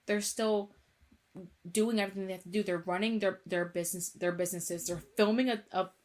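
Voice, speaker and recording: A woman's voice: medium pitch, fairly even intonation, fairly quick, darkish tone. A young woman co-hosting a podcast in casual chat, emphatic and repeating words as she talks. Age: young adult. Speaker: podcast co-host.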